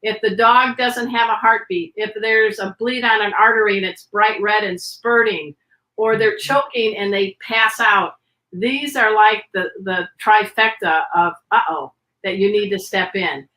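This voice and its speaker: A woman guest on a video podcast, teaching pet first aid with an energetic, demonstrative manner. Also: medium pitch, a little slow. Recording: roomy echo.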